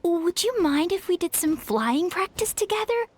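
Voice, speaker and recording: An earnest young woman training as a warrior, eager but full of self-doubt, as a woman reads her game lines. Her voice sits high. The delivery is plain read-aloud game dialogue. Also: very animated, normal speed, darkish tone, faint music behind.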